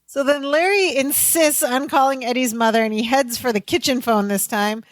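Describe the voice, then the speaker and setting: A woman's voice: high voice, normal speed, no room sound. Chatty woman podcast co-host. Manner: chatty storyteller, laughs easily, brief asides. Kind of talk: casual recap chat.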